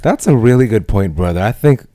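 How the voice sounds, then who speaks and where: A man co-hosting a podcast, joking in animated casual banter. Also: on the low side, fairly quick. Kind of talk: casual chat.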